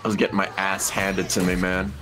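A young man joining a friend's gaming session, chatting casually and trading dark jokes. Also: deep voice, a little fast, music in the background. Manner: animated, dark-humored joking. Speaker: gaming guest.

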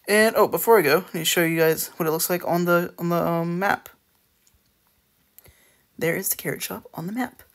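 A man's voice: fairly high pitch, creaky, fairly bright tone. A man giving casual, rambling commentary while building in a game, full of hesitations and restarts. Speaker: let's play creator.

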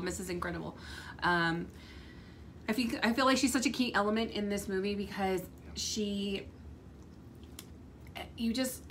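A woman's voice: on the low side, fairly bright tone, a little hiss or hum. A woman in her thirties co-hosting a casual chat, talking in a chatty, earnest and cheerful way. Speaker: co-host.

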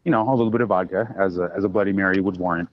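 Speaking very fast in a low-pitched voice with fairly even intonation, a man who tends bar chats casually as a podcast guest, rambling with many fillers and restarts. The sound is dry, slightly dull, and echo-free.

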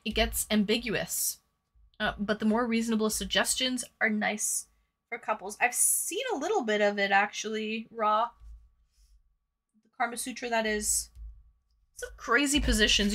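Bright chatty woman streamer. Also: on the high side. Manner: chatty, reads viewer comments aloud, crude jokes, giggly. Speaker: livestreamer reading chat. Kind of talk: casual livestream chat while painting.

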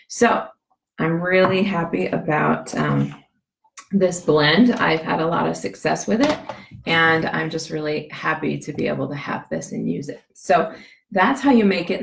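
A woman with a scratchy, gravelly voice, giving a chatty how-to demonstration, rambling with many fillers and restarts. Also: deep voice, reverberant. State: scratchy voice from a cough. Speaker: essential oil demonstrator.

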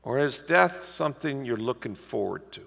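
Gravelly-voiced preacher in an echoing hall. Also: male voice, medium pitch, moderate pace. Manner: lively storytelling preacher, animated swings in loudness. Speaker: pastor. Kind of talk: sermon. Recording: reverberant hall.

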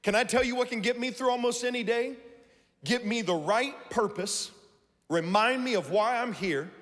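A man preaching a sermon to a congregation, lively and shouting out his key points. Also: very high-pitched, moderate pace. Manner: animated, shouting for emphasis, talks to the congregation. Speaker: pastor. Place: large church hall. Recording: live church sermon with long hall reverb.

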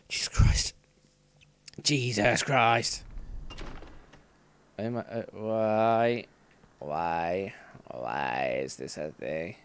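Male streamer, slow-talking, smooth voice, curses and grumbles at the game. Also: fairly low pitch, sharp tone. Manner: frustrated, swears a lot, exasperated outbursts. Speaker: let's play streamer. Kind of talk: live gameplay commentary.

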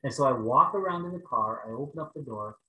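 A man preaching over a video call, telling a personal story in an animated way and raising his voice for the prayers. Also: medium pitch, fast talker, roomy sound, rough recording. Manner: animated storytelling, rising to loud exclaims when acting out prayers. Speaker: pastor.

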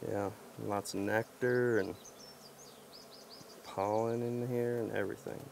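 A man vlogging outdoors as he works a beehive, talking to the camera in an excited, folksy way. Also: lowish voice, takes it slowly, vocal fry, a little hiss or hum. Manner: excited, folksy, talks to camera while handling hives. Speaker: beekeeper vlogger. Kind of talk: casual outdoor narration while working. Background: buzzing bees.

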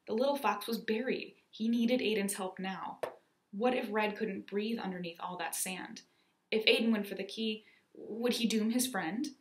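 A woman reads a children's adventure story aloud, lively and expressive. Her voice is mid-pitched. The sound has a noticeable room echo. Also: normal speed, a little hiss or hum. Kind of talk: storybook narration.

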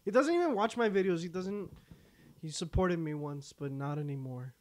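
A man's voice: fairly high pitch, expressive, moderate pace, a little mellow. Young man chatting over gameplay. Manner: laid-back, swears freely. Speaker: gaming channel host. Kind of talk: casual let's-play chat.

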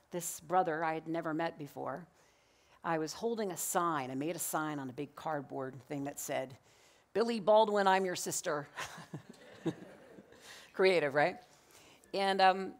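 Woman minister telling a story in church. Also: on the low side. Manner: animated, acts out quoted dialogue, laughs often. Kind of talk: sermon with personal storytelling. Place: church sanctuary.

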